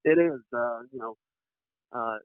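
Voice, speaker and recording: A man's voice: medium pitch, unhurried, dry recording. Man, phone caller, tinny phone line, easygoing enthusiastic chat.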